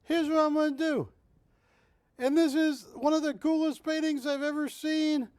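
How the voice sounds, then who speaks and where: A man hosting a live shopping channel, pitching art with jokey, teasing sales patter from a television studio. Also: fairly even intonation, moderate pace, a little mellow, no echo.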